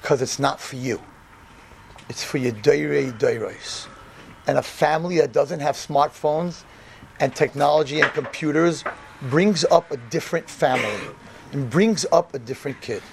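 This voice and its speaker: A man's voice: fairly high pitch, normal speed, vocal fry, a little hiss or hum. A man, a rabbi, giving a humorous storytelling sermon to a room of yeshiva students and acting out the dialogue with animation. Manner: animated, acts out quoted dialogue. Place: room in front of an audience of students.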